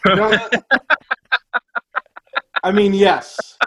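A man hosting a podcast, trading crude quick quips in casual comedic banter. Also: sits high, level tone, a bit bright. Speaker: podcast host.

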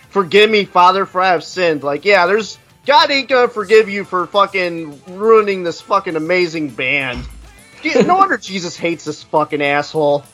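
A man's voice: high voice, sharp tone. A man ranting crudely and mockingly while reviewing an album in casual podcast chat. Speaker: podcast co-host.

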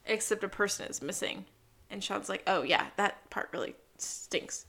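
Bright-voiced woman co-hosting a recap podcast. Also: mid-range voice, normal speed, vocal fry. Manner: quotes characters in animated bursts. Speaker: podcast co-host. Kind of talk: casual recap chat.

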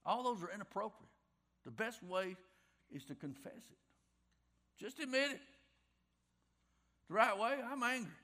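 Folksy man preaching, high bright voice. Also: big pitch swings, unhurried, long pauses. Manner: folksy, conversational preaching with repeated phrases. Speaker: pastor. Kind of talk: sermon.

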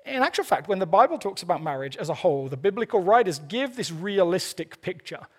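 Man giving a sermon, high voice, earnest, playful asides. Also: big pitch swings, fairly quick, slightly rough. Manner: earnest, playful asides, repeats words when starting phrases. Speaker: pastor.

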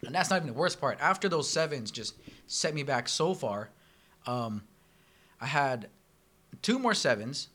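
A man guest on a casual podcast, telling profane, animated stories and acting out the people in them. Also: mid-range voice, normal speed, pauses often. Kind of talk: casual storytelling.

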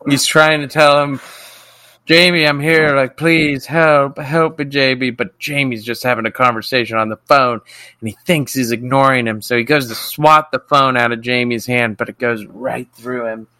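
A man's voice: medium pitch, steady tone, moderate pace, bright, forceful tone, no echo. A man co-hosting a podcast, casually recapping a TV episode, swearing freely and acting out the characters' lines. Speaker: podcast co-host.

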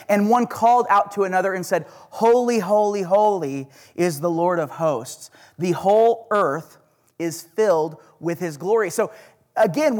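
A male pastor with an Oklahoma accent preaching a casual, conversational sermon and reading scripture slowly with emphasis. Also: high-pitched.

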